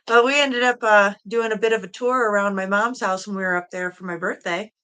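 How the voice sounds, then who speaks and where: A woman's voice: mid-range voice, a bit bright, clean tone. A woman from Michigan hosting a casual solo livestream from home, chatty and giggly as she greets viewers by name. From Michigan, USA. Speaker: livestream host. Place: at home, in a room with a quilt hung on the wall.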